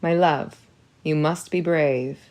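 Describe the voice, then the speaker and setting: Woman reading as a smooth-talking father. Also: low-pitched, steady tone, slow pace. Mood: grave. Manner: soothing, gently teasing. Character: affectionate, smooth-talking middle-aged father.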